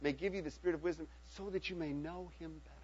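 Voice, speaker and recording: A man's voice: a little high, steady tone, fast, darkish tone, highs cut off, a little hiss or hum. A middle-aged man preaching a sermon in a conversational way, often checking in with his listeners. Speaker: pastor.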